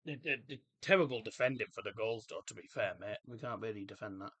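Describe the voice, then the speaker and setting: A man hosting a casual live football watchalong, chatting in a rambling, jokey way and reacting loudly to the game. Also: lowish voice, quick pace. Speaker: livestream host. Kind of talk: casual match watchalong chat.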